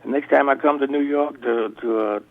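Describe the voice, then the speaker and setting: An older man chats about music over a phone-thin line, his voice gravelly. He tells stories in loose, restarting sentences. The sound is tinny and narrow, as on a call-in. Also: mid-range voice, steady tone, fairly quick. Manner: rambling storyteller, restarts often. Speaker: blues musician guest. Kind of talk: radio interview conversation.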